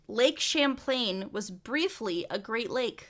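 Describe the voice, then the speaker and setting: A woman's voice: medium pitch, moderate pace, pushed and bright. A young woman co-hosting a casual research podcast, chatty with laughing asides and many fillers. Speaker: podcast co-host.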